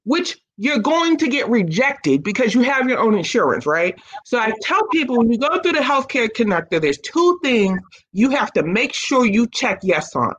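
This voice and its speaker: A woman's voice: fairly high pitch, very animated, moderate pace, fairly bright tone, rough recording. A woman in casual conversation as a guest, an autism mom telling her story with energy and acting out the voices of people she quotes. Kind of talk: casual chat.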